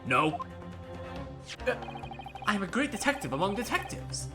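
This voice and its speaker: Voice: mid-range voice, sing-song, measured pace, voice pushed up. A streamer voicing a pompous, boastful male detective in a game, reading with theatrical flair over game music. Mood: grandiose.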